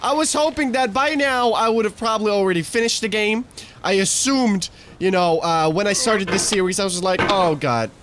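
A man hosting a let's play, commenting on his game and getting frustrated, swearing, talking himself down and shouting at the game. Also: sits high, fairly quick, noisy background. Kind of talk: gaming commentary.

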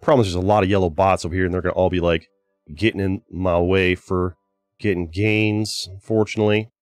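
A man's voice: sits low, steady tone, brisk, no room sound, clean studio sound. A man hosting a gaming channel, giving casual gameplay commentary in a chatty way, with exasperated outbursts at his teammates. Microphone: desk microphone.

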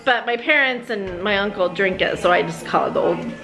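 A woman's voice: mid-range voice, brisk, vocal fry, music in the background. A woman talking in a casual family vlog, chatty and proud, laughing often. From Seattle area, USA. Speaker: vlogger mom.

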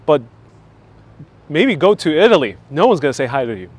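A man's voice: fairly high pitch, very animated, normal speed. A man hosting a live travel stream outdoors, chatting and joking as he answers viewer comments, on a clip-on mic. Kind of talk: casual live-stream chat while walking. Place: outdoors on town streets. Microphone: wireless clip-on mic.

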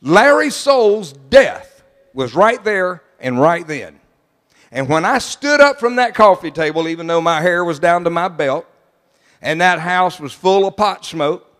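An older man preaches in a high voice, driving his points home. He drops to quiet asides, then rises to loud declarations. A long reverb trails his words through the sanctuary. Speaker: pastor. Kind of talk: sermon. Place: large church sanctuary. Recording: long church hall reverb.

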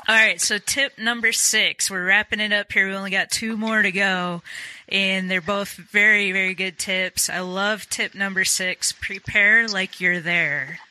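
A woman hosts a podcast in a casual, encouraging way. Her voice is very bright and sharp, with a dry, close sound. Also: medium pitch, fairly even intonation, a little slow, no echo. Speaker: podcast host. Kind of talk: podcast interview.

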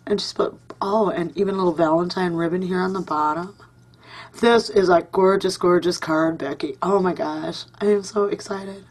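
A woman's voice: lowish voice, moderate pace, darkish tone. A woman hosting a casual craft vlog at home, gushing and chatty with lots of ums and uhs. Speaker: crafting channel host.

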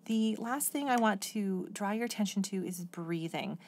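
A woman's voice: mid-range voice, normal speed. A middle-aged woman giving a patient, explanatory oboe lesson, sometimes singing short example phrases. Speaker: oboe teacher. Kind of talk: instructional music lesson.

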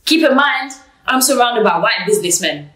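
A woman telling a personal story in an interview, blunt and animated, swearing freely. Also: a little high, moderate pace. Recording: roomy, distant mic.

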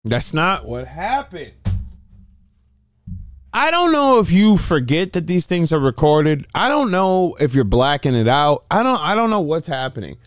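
Man, reaction host, mocking, animated, dry close mic, lively pitch. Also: a little slow, no echo. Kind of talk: reaction commentary.

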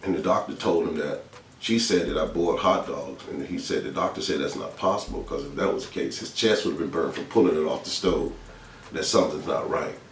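An extremely low-pitched man from Georgia delivers an earnest spiritual testimony at a fairly quick pace, in a relaxed storytelling style that keeps repeating phrases. The distant mic captures an echoey room, faint music and slight background noise.

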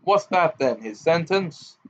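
A man's voice: on the high side, moderate pace, pitched above the performer's own voice, close to an everyday voice. A man voicing a furious, scornful old wizard father who bellows and jeers in a muffled home recording. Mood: jeering. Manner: bellowing, jeering, snarling.

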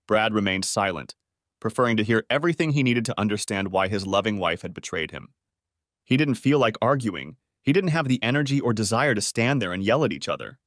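A man narrating a story in audiobook style with a steady storytelling delivery. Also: lowish voice, a little fast, no room sound, clean studio sound.

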